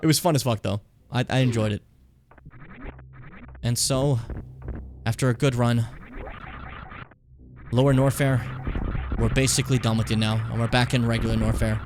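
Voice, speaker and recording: A man's voice: mid-range voice, fairly even intonation, normal speed, long pauses, over music. A man streaming a game live, talking casually in a rambling, profane way while he plays.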